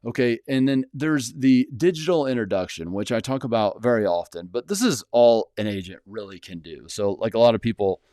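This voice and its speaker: A man's voice: mid-range voice, brisk, few pauses, dark tone, no echo, clean studio sound. A man hosting his own channel, talking casually and bluntly to the camera, rambling with many fillers and restarts. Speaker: channel host, house flipper. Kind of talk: casual solo talk to camera.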